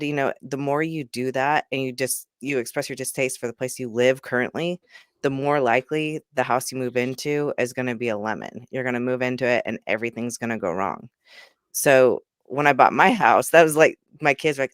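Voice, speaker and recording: A man with a smooth, resonant voice talks casually and earnestly as a co-host. He works through everyday examples and often quotes what other people say. His mid-range voice is recorded dry. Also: medium pitch, normal speed, a bit bright, no room sound. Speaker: co-host, parent. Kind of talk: casual conversational chat.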